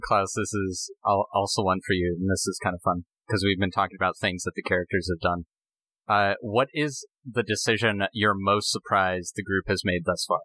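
A man's voice: deep voice, steady tone, normal speed, pushed and bright, slightly rough, no room sound, rough recording. A man hosting a podcast, reading listener questions in an easygoing, giggly way. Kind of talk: casual chat.

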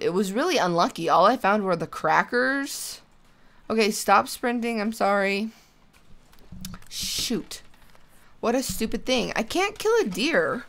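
A woman's voice: on the high side, a bit bright. Chatty woman thinking aloud over a survival game. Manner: chatty, thinks aloud, talks to her character. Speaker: gaming channel host. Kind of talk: casual let's-play commentary.

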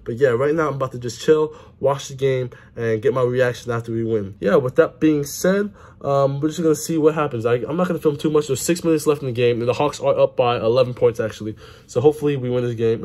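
Casual male vlogger, average pitch, phone-camera sound, excitable sports fan who swears and talks with his mouth full. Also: quick pace.

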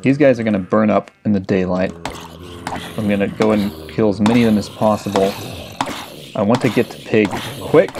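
A man's voice: fairly low pitch, fairly even intonation, moderate pace, noisy background. Frantic swearing young man gaming. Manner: frantic, swearing, exclaiming at the game. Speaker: let's play gamer. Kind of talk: casual gameplay commentary.

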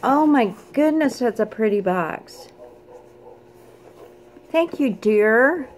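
A woman with a fairly high voice, chatting slowly and warmly through a casual unboxing vlog. She gushes over each item, breaking into excited squeals and little screams. A faint hiss of noise sits under her voice. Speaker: craft vlogger.

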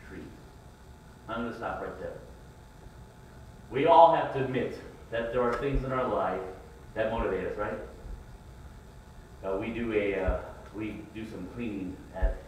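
A man's voice: mid-range voice, slight background noise. A middle-aged man preaching a sermon, telling folksy family stories and acting out his children's whining. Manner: folksy storytelling, acts out his kids' whining voices. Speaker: pastor. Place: church sanctuary. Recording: echoey church room, mic at a distance.

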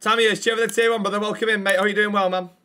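A man with a high, forceful, bright voice, streaming a police role-play. He talks loudly and cheekily, swears often, and keeps up banter with his chat. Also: level tone, rapid-fire. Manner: loud, cheeky, swears a lot. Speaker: streamer playing a police officer.

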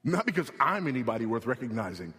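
A man preaching a sermon as pastor, emphatic, rising in pitch and slowing for stress. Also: big pitch swings, bright, forceful tone, long reverb tail. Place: church sanctuary.

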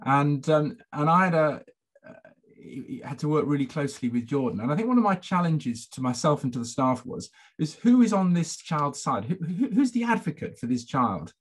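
A man's voice: on the high side, big pitch swings, moderate pace, husky. A middle-aged man, a former head teacher, telling a story at a conference in a reflective, hesitant way, full of fillers and repeated words. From England.

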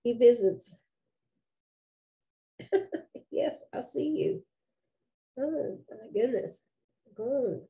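An older woman speaking slowly and dreamily from a hypnosis session, talking softly to an unseen cat. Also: a little high, animated. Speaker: hypnosis subject.

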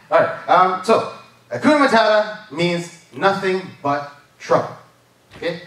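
A man's voice: a little high, lively intonation, normal speed, a bit bright. Man preaching in an echoey church. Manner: conversational, keeps asking "right?" and "amen?". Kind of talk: sermon. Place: church service. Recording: echoey church hall, mic far off.

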